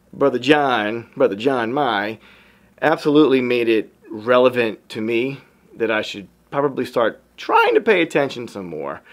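A man who works as a photographer, giving an upbeat motivational talk to his viewers and calling them y'all. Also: medium pitch. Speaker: photographer and vlogger.

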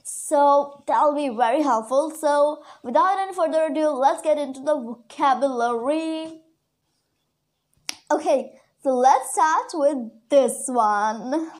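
In a chatty online English lesson, a woman whose first language is Urdu teaches vocabulary, repeating key words slowly for learners. Her voice sits high.

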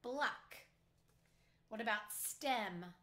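Woman teacher, bright tone, unhurried phonics drill for little kids, echoey room. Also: a little high, animated. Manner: clearly sounding out letters one by one. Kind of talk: slow phonics lesson for young children.

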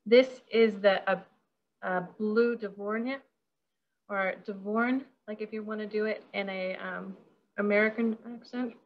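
A woman's voice: mid-range voice, fairly even intonation, moderate pace, lo-fi sound, a little hiss or hum. A woman caterer leading a casual hands-on workshop over a video call, bubbly and chatty, giggling often.

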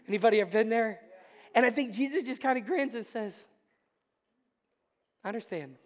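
A pastor preaching a sermon, joking with the congregation and building to fervent, emphatic preaching in a church. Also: male voice, very high voice, fast talker. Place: church sanctuary. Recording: church hall with long reverb.

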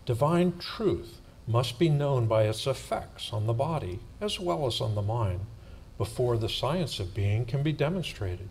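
Male church reader, measured solemn delivery, slow, faint hiss behind. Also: medium pitch, lively intonation, darkish tone. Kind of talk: reading aloud in church.

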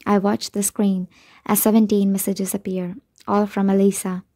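Woman audiobook narrator, first-person novel, mellow tone, even pitch. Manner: even, measured reading.

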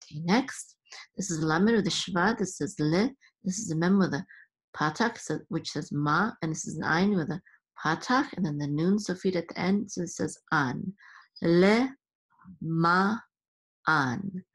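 A woman teaching Hebrew reading step by step, patiently repeating each sound and sometimes sliding into a soft near-whisper. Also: on the low side, moderate pace, husky. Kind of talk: slow step-by-step lesson.

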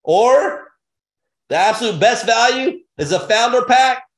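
Man, business pitch presenter, high voice, roomy echo, hyped and repetitive. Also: lively intonation, unhurried. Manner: hyped, repetitive, punchy short phrases. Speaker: sales presenter.

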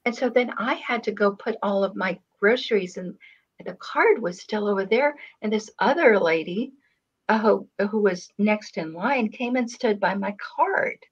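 On a muffled recording, an older woman with a slightly rough, mid-range voice chats casually at a moderate pace. She tells stories in a rambling, hesitant way, restarting often and using fillers.

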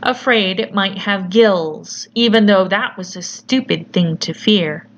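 A woman narrating a horror story in a measured, deliberate storytelling manner. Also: medium pitch. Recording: slightly muffled with faint hiss.

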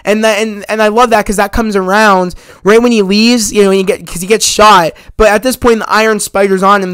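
A man with a high, smooth, resonant voice talks through a film in a loose, rambling way, piling up fillers and casual swearing. The sound is dry and close. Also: a bit bright, no room sound. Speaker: movie reviewer. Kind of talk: casual spoken movie review.

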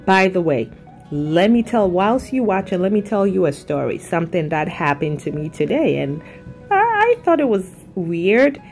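A woman, from Africa, chatting casually and telling an animated story while doing her makeup on camera. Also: fairly low pitch, normal speed, soft background music. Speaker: makeup vlogger.

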